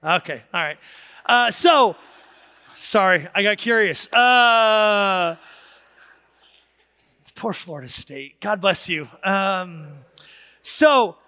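A man's voice: high voice, animated, slow pace, long pauses, sharp tone, clean tone, long reverb tail. A man serving as pastor and delivering a sermon in a church sanctuary, in a conversational, digressive manner that swells into emphatic bursts.

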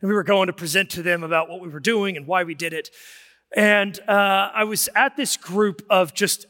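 A man preaching a sermon as pastor, telling stories in an animated way that rises to shouts of emphasis. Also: high-pitched, long reverb tail. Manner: animated storytelling, rising to shouts.

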